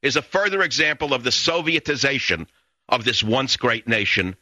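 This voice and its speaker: A man's voice: mid-range voice, expressive, normal speed, sharp tone, no echo. Furious man ranting on talk radio. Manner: indignant, taunting, repeating insults. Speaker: radio talk show host. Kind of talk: angry radio monologue. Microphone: studio microphone.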